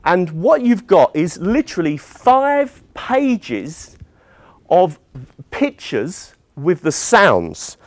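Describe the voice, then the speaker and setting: A man's voice: high voice, sing-song, extremely slow, no echo. A British man, a teacher trainer, giving an enthusiastic conference presentation as he shows websites on screen. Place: conference room.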